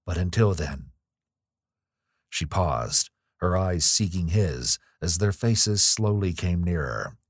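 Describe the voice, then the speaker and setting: A man narrating a gothic ghost story in a measured, somber tone. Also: low voice, expressive, no echo, clean studio sound. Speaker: audiobook narrator. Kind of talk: scripted narration.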